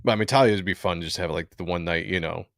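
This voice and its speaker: A man's voice: deep voice, racing, creaky, no echo, studio quality. A man casually chatting about comic book pages with a co-host, reading viewer comments aloud and laughing often.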